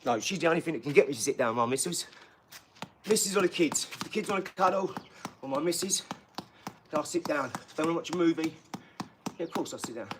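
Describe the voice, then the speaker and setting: A man's voice: on the high side, lively intonation, fast talker, pauses often, noisy background. A man who is a father, rambling and boastful in casual live-stream chat, mixing in street slang. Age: adult father.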